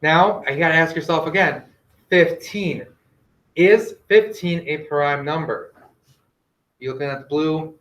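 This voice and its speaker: Male teacher, slightly high voice, quizzing pupils, echoey classroom. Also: measured pace, long pauses. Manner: asks students questions, gently directive. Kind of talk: classroom math lesson.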